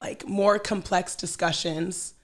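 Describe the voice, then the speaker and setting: A woman's voice: on the low side, fairly even intonation, slow. A woman guest on a podcast, talking casually in a thoughtful, searching way with frequent restarts. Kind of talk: casual chat.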